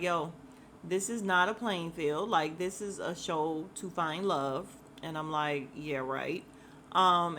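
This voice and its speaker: A woman hosting a podcast, recapping a reality show in a blunt, animated, casual way with laughing asides. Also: on the low side, a little hiss or hum. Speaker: podcast host.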